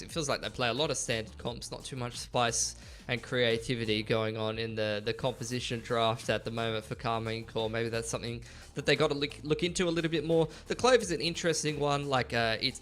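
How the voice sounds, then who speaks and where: A man's voice: medium pitch, a bit bright. A man casting esports, giving pre-match commentary in a rambling style full of fillers. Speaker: esports caster.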